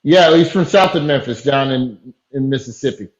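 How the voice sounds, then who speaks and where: A man's voice: medium pitch, moderate pace. Laid-back man on muffled, roomy audio. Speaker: panel guest.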